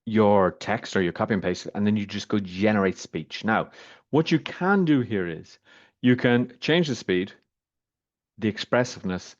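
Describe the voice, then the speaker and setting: A man reviewing software over a screen share, talking casually and rambling with many fillers as he clicks around. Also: on the low side. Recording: slightly muffled, dull audio.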